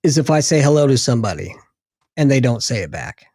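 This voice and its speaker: A blunt man talks in a casual chat, swearing freely as he tells his stories. His pitch swings a lot while he talks. The recording is dry. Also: fast, dry recording. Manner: blunt, profane, expressive.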